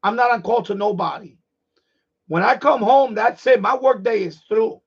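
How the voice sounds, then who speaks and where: A middle-aged man hosting a live stream, ranting in a blunt, profane, animated way in casual chat. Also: high-pitched, normal speed, gravelly, breathy edge, highs cut off.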